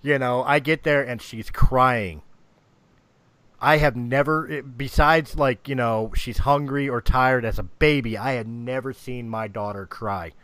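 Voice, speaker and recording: A man's voice: medium pitch, a little slow, a bit bright, clear, resonant tone, dry recording. Rambling, swearing man telling stories. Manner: rambling storyteller, swears freely, many restarts. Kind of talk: casual chat.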